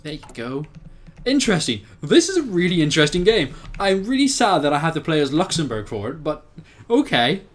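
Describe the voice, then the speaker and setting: Young Irish guy, gameplay commentator: chatty, animated, a bit high-voiced, faint music bed. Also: a little fast, few pauses. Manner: chatty, thinking aloud, laughs often, bursts of excitement. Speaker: game commentator. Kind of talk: casual let's-play commentary.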